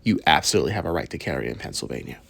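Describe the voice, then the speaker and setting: A man's voice: a bass voice, lively intonation, racing, creaky, fairly bright tone. A man hosting a reaction video, bluntly scolding the person in the clip and speaking directly to his viewers. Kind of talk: commentary on a clip.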